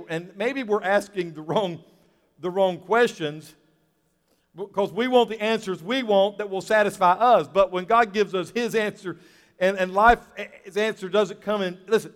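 A man's voice: high-pitched, in a large hall. A male pastor preaching a sermon, earnest and repeating his key lines for weight.

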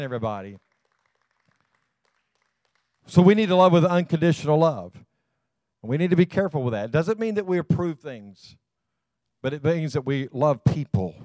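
A man's voice: on the high side, darkish tone, dry recording. A man preaching to his congregation, emphatic and rousing, calling out to them again and again. His voice is recorded close and dry, with almost no room sound. He repeats words as he builds each point. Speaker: pastor. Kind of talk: sermon.

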